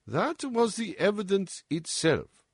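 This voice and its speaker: A man voicing a calm, analytical male detective who lays out his reasoning in a measured, lecturing way, as in an audiobook. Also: high voice, slightly rough, no room sound, studio quality, voice pushed up, exaggerated voice. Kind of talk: audiobook character reading.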